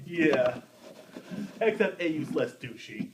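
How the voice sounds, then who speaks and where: Young guy rambling on a podcast, kinda high voice, far off the mic w loud hiss behind. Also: sing-song, takes it slowly. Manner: rambling, lots of "like" and "you know", swears freely. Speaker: podcast co-host. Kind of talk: casual chat. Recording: distant mic, loud background noise.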